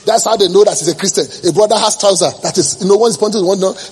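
A male pastor preaching a passionate sermon, swinging between quiet remarks and sudden shouts. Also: sits high, rapid-fire, breathy edge, low-quality recording.

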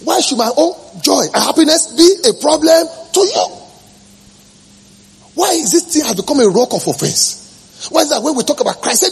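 A male pastor preaching a passionate sermon, swinging between quiet remarks and sudden shouts. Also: very high voice, lively intonation, moderate pace, vocal fry, rough recording.

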